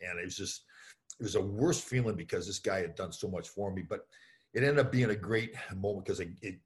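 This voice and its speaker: A deep-voiced middle-aged man rattles through his stories at a brisk clip. He talks in an easy, rambling way full of "like" and "you know", and he slips into other people's voices when he quotes them. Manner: anecdotal, many fillers, acts out voices in quotes. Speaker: former pro hockey player, guest. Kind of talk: storytelling in an interview.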